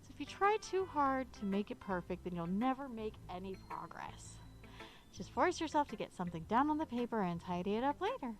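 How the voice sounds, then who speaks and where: Monika, a bright confident club president, as a woman reads her. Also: on the high side, big pitch swings, fast talker, hardly any pauses, faint music behind. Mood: upbeat. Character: cheerful confident teen girl club president. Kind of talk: reading a visual novel aloud.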